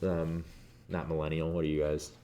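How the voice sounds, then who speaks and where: A man with a Midwestern accent, teaching a math review lesson in a classroom, animated and joking as he talks through each step. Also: rumbling low, moderate pace, slight background noise. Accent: Midwestern American. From Midwestern United States.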